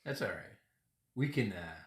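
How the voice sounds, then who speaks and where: A man's voice: on the low side, lively intonation, moderate pace. Rambling man in an echoey room. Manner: rambling, laughs often. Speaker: podcast host. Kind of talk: casual chat over a tequila tasting.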